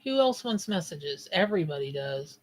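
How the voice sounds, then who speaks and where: A woman's voice: on the low side, sing-song, moderate pace. A woman who reads tarot on a live stream. She chats in a loose, scattered way and breaks off mid-thought to greet viewers from the chat. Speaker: tarot reader and psychic. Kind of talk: live-stream reading with chat shout-outs.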